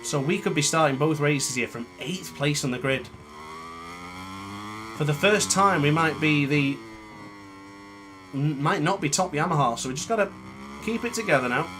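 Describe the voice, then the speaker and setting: A man's voice: fairly high pitch, animated, moderate pace, pauses often, music in the background. A man giving live commentary on a racing game, muttering and scolding himself often. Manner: frustrated, muttering, self-critical. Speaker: gaming YouTuber. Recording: game engine noise behind voice. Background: motorbike game sounds.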